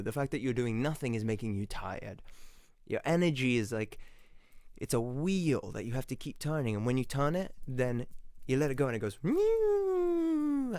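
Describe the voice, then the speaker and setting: A man hosting a podcast, giving a lively motivational monologue that he argues through in questions and answers. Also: mid-range voice, no echo, studio quality. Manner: animated, playful, acts out little voices; talks to himself in questions and answers. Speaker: podcast host.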